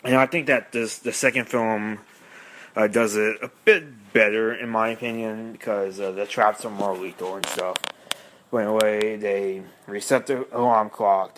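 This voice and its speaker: A man with a fairly low voice hosts a podcast and talks through a film plot casually. He rambles and hesitates, circling back when he is unsure of the details. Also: a little hiss or hum. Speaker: podcast host.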